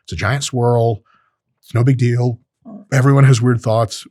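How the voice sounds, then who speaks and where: A man hosting a podcast, talking in a casual monologue, profane and animated, jumping into high-pitched voices. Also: unhurried, dry recording, studio quality. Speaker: podcast host.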